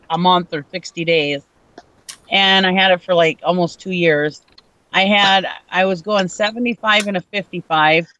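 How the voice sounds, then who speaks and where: A woman's voice: mid-range voice, a bit bright, slight background noise, poor audio. A woman from Minnesota telling a story in casual chat, laughing often and acting out what people said. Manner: chatty, laughs often, acts out quotes.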